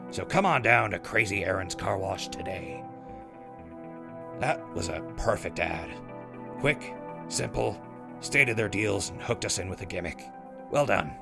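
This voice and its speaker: A man playing a deep, dry-witted ghoul DJ. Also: gravelly. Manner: dry, wry asides. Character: sardonic ghoul radio DJ, male. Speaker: radio host. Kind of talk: scripted radio DJ patter. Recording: radio show with music behind.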